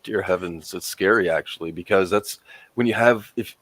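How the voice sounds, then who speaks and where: A man in casual chat who talks haltingly, restarting his thoughts. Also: low-pitched, a bit bright, slightly rough, no echo.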